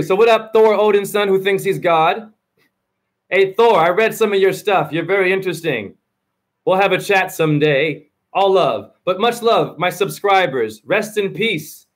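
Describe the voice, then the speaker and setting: A man hosting his own video channel, delivering a rambling spoken-word freestyle monologue full of rhyming free-association wordplay and preachy advice. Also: sits high.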